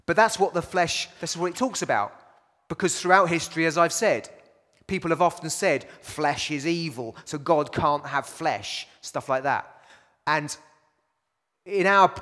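A man's voice: a little high, a bit bright, long reverb tail. A man preaching a sermon to his congregation in a casual, conversational way, asking rhetorical questions and restarting phrases often. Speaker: pastor.

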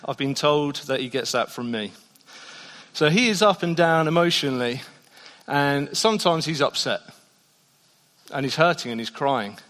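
A man preaching a sermon in a church, shifting between soft, hushed passages and loud, emphatic ones. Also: mid-range voice. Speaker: pastor. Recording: long reverb of a church hall.

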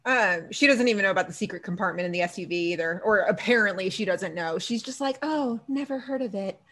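A podcast co-host with a lowish voice speaks at a quick pace, recapping a TV episode in a casual manner. She's animated throughout, acting out the characters' lines, laughing, and cursing without restraint.

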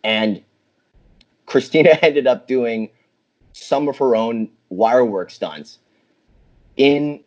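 A man, a film director, talking in a rambling, halting way with many restarts. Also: medium pitch, muffled recording. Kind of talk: casual conversation.

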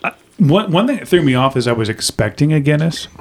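A man's voice: a little high, very animated, fast talker, creaky, a little hiss or hum. A man hosting a casual podcast chat, steering the talk and asking others in turn. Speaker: podcast host.

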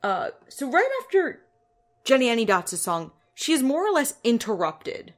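A woman's voice: on the high side, very animated, moderate pace. A woman hosting a podcast in casual chat, explaining details and adding dry asides. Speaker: podcast host.

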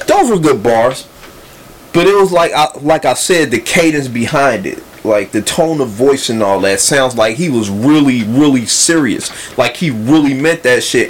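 A man's voice: mid-range voice, slight background noise, rough recording. A man talking casually about a rap feud, rambling with many restarts and fillers. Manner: acts out quoted lines with a raised voice. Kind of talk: casual hip-hop discussion.

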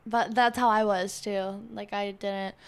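Rambling woman with a creaky voice. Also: medium pitch, measured pace. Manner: rambling, animated, lots of "like". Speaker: podcast host. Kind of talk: casual chat.

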